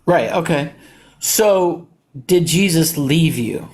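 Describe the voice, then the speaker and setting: A man with a fairly high voice speaks up for his faith on a call-in debate. He is earnest and insistent, often quoting scripture. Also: expressive, slow. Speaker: Christian debater.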